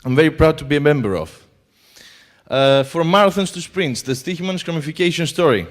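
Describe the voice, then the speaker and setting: Greek-accented male conference speaker, halting delivery. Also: on the high side, animated. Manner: hesitant, many fillers. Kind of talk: conference talk. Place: conference hall.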